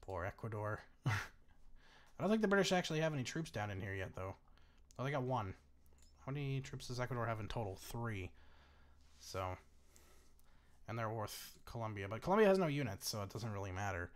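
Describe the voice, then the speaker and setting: A man's voice: fairly low pitch, very animated, brisk, long pauses. A man casually commentating a strategy game he is watching, chatty and bemused, swearing freely and laughing often. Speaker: gaming YouTuber. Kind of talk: casual let's-play commentary.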